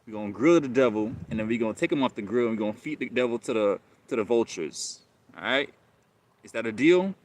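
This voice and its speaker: A man's voice: medium pitch, expressive, fast talker, a little mellow. A man hosting a live stream, talking casually and rambling, often repeating himself and calling listeners bro.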